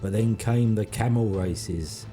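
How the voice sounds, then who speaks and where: Man reading a formal tv game-show host, really deep mellow voice. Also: slow, faint music behind.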